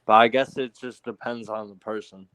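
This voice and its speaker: Smooth low-voiced male caller. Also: steady tone, moderate pace, fairly bright tone, no echo. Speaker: guest caller. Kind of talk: casual live show chat.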